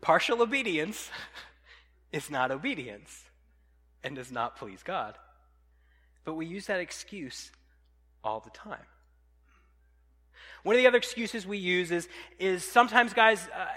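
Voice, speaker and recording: A man preaching a sermon, telling a casual, animated personal story with plenty of fillers before reading scripture. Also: sits high, in a large hall. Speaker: pastor.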